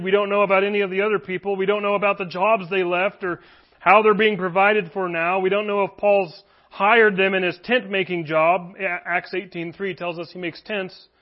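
A man's voice: high voice, dull audio. A man preaching an earnest, emphatic sermon with rising exclamations.

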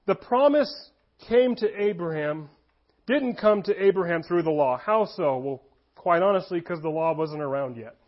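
A high-pitched male pastor delivers a sermon, moving between scripture reading and lively, emphatic explanation with chuckles along the way. The recording sounds dull and lo-fi. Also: moderate pace. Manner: animated preaching with frequent chuckles and emphatic rises.

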